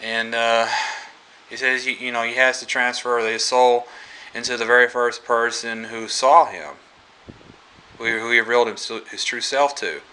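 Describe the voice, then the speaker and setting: A man casually retelling a movie plot as a reviewer, halting and full of fillers and restarts. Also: mid-range voice, steady tone, sharp tone, poor audio.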